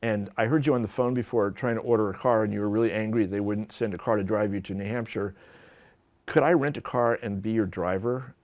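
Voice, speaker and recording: A man, a photographer, telling stories from his career to an audience in a lively, self-deprecating way with many restarts. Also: fairly low pitch, a little fast. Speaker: photographer giving a talk. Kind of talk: storytelling lecture. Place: lecture hall at an art school.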